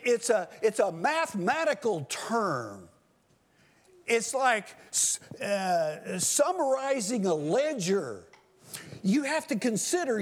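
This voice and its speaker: A man preaching a sermon, swinging between loud declarations and low, quiet asides, addressing his listeners directly.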